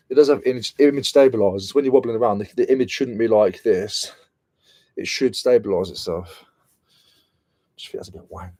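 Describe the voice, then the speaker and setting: A man's voice: on the low side, mellow, dry recording. A British man chatting casually and slangily on a reselling live stream, mocking himself as he goes. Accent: British English. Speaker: reselling vlogger.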